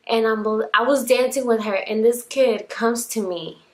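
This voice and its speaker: A young woman vlogger telling a story at home in a casual, animated way, full of swearing and quick bursts of speech. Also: a little high. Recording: echoey room.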